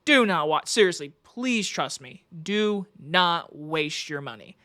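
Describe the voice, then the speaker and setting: A woman's voice: deep voice, lively intonation, takes it slowly, a bit bright. A woman giving a casual, profane movie review in an exasperated, emphatic rant.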